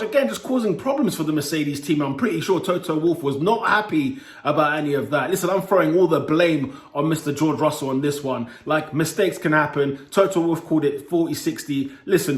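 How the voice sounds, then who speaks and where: A young man, speaking in a fairly high voice, delivering an animated solo review. He exclaims and teases his way through it. The sound is roomy and echoey. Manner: lively, exclaiming, playful scolding. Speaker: motorsport commentator vlogger. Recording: echoey room.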